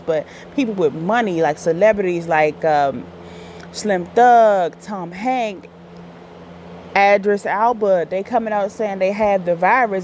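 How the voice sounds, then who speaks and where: A woman's voice: mid-range voice, a little mellow, slight background noise. A woman hosting a casual commentary show, chatty and filler-heavy, correcting herself often as she talks. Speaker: host.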